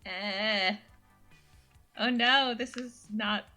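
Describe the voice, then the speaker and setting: A woman chatting casually with friends during a game stream in an excitable, reactive way. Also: mid-range voice, drawn-out words, soft background music. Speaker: streamer guest. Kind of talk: casual gaming chat.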